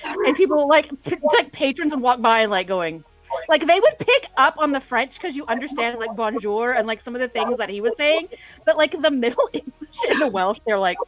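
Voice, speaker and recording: A woman's voice: a little high, animated, brisk, faint music behind. A woman chatting casually on a show, telling rambling stories full of tangents. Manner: rambling, tangent-prone storytelling. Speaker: podcast co-host. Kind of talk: casual chat.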